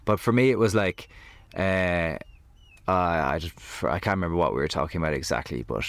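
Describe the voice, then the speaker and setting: This is a man with a very deep, low voice, chatting as a guest in a camper van. He tells his stories with animated energy and scatters "like" all through them. The sound is dry, with almost no room echo. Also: brisk. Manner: animated storyteller, heavy on "like". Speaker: podcast guest. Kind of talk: casual conversation.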